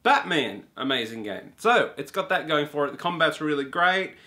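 Male game reviewer, fairly high and bright voice, offhand, gushing, profane. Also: normal speed. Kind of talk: casual spoken game review.

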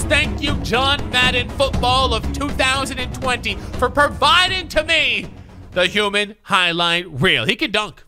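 A male streamer with a very lively, swooping voice calls out his card pulls like an announcer. Music plays loudly under his commentary throughout. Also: extremely high pitch, a little slow. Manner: showy announcer-style card reveals. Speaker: streamer host. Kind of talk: animated gaming commentary.

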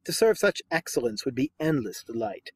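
A man reading aloud the lines of a modest, courteous young knight in polite, measured verse. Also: medium pitch, big pitch swings, breathy edge, no room sound. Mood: courtly.

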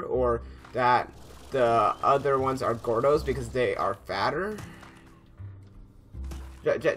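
Young male gamer, chatty and rambling, bright forward tone. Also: mid-range voice. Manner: chatty, rambling, yelps when startled. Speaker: gaming YouTuber. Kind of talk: casual let's play commentary.

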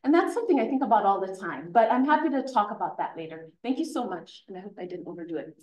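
A woman teacher closing out her conference panel talk, speaking earnestly and haltingly with fillers. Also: medium pitch, lively intonation, a little mellow. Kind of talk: conference presentation. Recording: echoey room.

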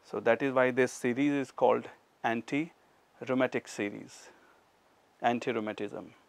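A middle-aged man with an Indian accent, teaching a yoga class and calmly cueing each breath and movement step by step. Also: mid-range voice, unhurried, vocal fry, no echo. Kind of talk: guided yoga class instruction.

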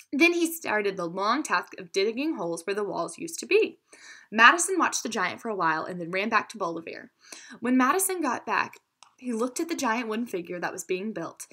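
A woman teacher reading a children's story aloud with expression, pausing now and then to explain words. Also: medium pitch, sharp tone.

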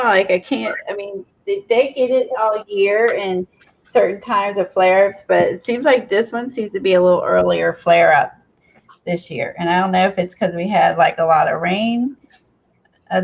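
A woman hosting a crafting video chats loosely as she paints, her thoughts trailing off and restarting. Her voice has a gravelly fry. The camera audio sounds dull and lo-fi. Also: mid-range voice. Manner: rambling, trails off, many restarts. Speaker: craft channel host. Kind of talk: casual chat while painting. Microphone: camera mic from below.

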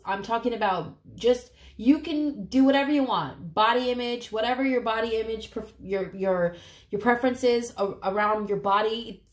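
Tarot reader, woman, fairly high voice, earnest and emotional, casual swearing, roomy sound. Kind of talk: casual tarot reading to camera. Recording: echoey room.

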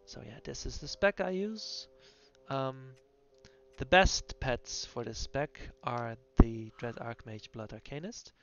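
A man's voice: mid-range voice, takes it slowly, a bit bright. A man voicing over a video game class guide, explaining hesitantly with many fillers. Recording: dull lo-fi audio with faint music.

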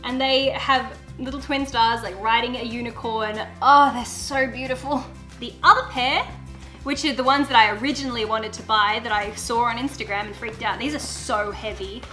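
A young woman vlogs at home, opening parcels and squealing over each one. Her voice sits high and sounds crisp and bright. Faint music runs underneath. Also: moderate pace. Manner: gushing and excitable, squeals over items. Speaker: YouTuber. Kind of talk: casual unboxing vlog chat.

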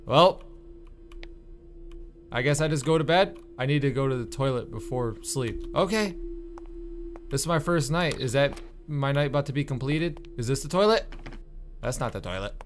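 A man doing let's-play commentary on a horror game, exasperated and swearing, with sudden loud outbursts. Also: medium pitch, animated, moderate pace, pauses often, faint music behind. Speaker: gaming YouTuber.

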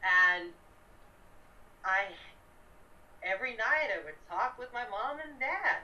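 A woman's voice: on the high side, animated, takes it slowly, pushed and bright, highs cut off. An American woman chatting as a guest, playful and giggly. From United States. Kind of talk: casual chat.

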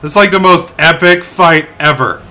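A young man hosting a let's play, commentating excitably and shouting curses at the game. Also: a little high, normal speed. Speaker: gaming channel host.

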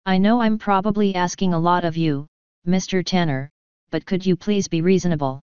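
A woman's voice: on the low side, normal speed, darkish tone, clean tone, dry recording, close to an everyday voice. A woman reading as a weary male technician. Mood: officious. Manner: weary, exasperated, officious. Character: tired, wary lab technician, male. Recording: slightly dull, lo-fi.

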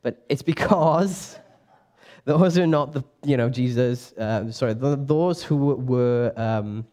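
A young man teaching a Bible passage to a church group in a casual, lively way, asking the audience questions and correcting himself as he goes. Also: medium pitch, slow. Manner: lively, chatty, quizzes the audience, self-correcting. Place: church meeting room.

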